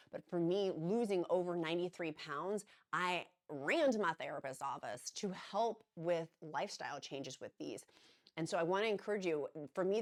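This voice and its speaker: Woman vlogger, middle-aged, low pitch, earnest and chatty, rambly encouragement to camera. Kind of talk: casual encouraging talk to camera.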